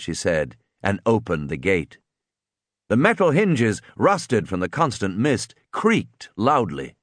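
A man narrating an audiobook in a dramatic, expressive way. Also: on the low side, takes it slowly, dry recording, clean studio sound.

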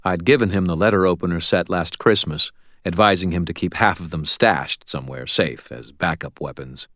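Deep-voiced man narrating an audiobook. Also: moderate pace, a bit bright, no room sound, studio quality. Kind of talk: scripted first-person narration.

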